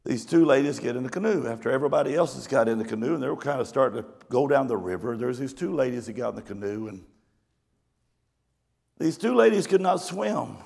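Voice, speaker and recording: A man's voice: mid-range voice, lively intonation, brisk, vocal fry, darkish tone. A male pastor telling a folksy story in a conversational sermon. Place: church or camp meeting hall. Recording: long hall reverb.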